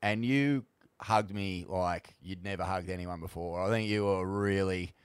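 A man hosting a casual interview, relaxed, with short murmured replies. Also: low-pitched, a little slow, smooth, no room sound. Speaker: podcast host.

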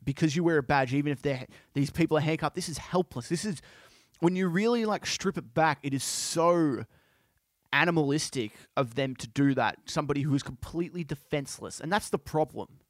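A man hosting a podcast, speaking in an impassioned, halting way with many restarts. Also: a little high, dry recording, studio quality. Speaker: podcast host. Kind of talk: casual monologue.

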